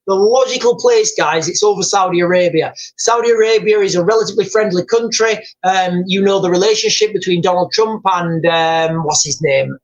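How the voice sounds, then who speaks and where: A man's voice: high voice, dull audio. Rambling man hosting a live news stream. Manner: rambling, repeats himself, speculates aloud; reads viewer comments and headlines aloud.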